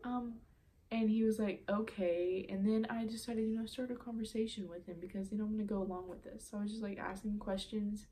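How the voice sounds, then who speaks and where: A woman's voice: mid-range voice, flat delivery, quick pace, mellow. A teenage girl telling a story on her vlog in a chatty way, full of "um" and "like". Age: late teens. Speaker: vlogger.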